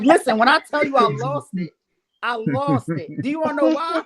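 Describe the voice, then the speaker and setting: A man, a referee guest on a casual podcast, telling stories in an animated, exasperated way and laughing through them. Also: very high voice, moderate pace, over a noisy crowd. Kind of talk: casual storytelling chat.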